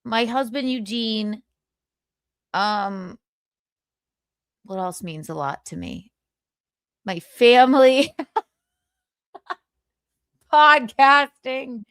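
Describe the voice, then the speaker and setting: A woman's voice: medium pitch, very animated, slow, long pauses, no room sound, clean studio sound. A woman hosting a livestream, giving casual gossip commentary in a sarcastic, profane rant. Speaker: livestream host.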